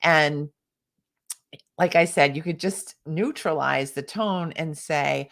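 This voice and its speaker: Low-pitched woman, workshop coach on a live stream, encouraging, occasional cough. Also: a little slow, fairly bright tone. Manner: encouraging, reads chat comments aloud. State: coughing now and then, sipping tea. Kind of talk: live online workshop talk.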